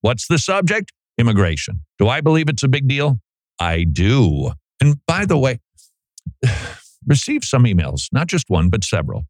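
A middle-aged man, a pastor, giving a folksy, animated commentary with frequent restarts on a close studio mic. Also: on the low side, dry recording. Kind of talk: conversational commentary monologue.

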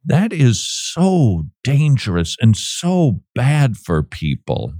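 A man hosting a talk show, giving sarcastic, animated commentary and laughing often. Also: medium pitch, slow pace, hardly any pauses, no room sound, clean studio sound. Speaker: podcast host. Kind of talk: casual commentary.

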